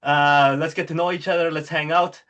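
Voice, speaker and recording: A man's voice: a little high, flat delivery, normal speed, a bit bright, muffled recording, pitched above the performer's own voice, natural voice. A man putting on the laid-back drawl of a friendly, cool male movie star.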